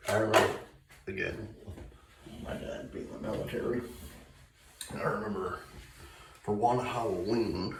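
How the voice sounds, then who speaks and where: A man's voice: fairly low pitch, a little hiss or hum. A man telling a long casual story in a rambling way with lots of fillers, recorded in a bathroom. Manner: rambling, filler-heavy anecdote with quoted voices. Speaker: shaving vlogger. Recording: echoey room, mic at a distance.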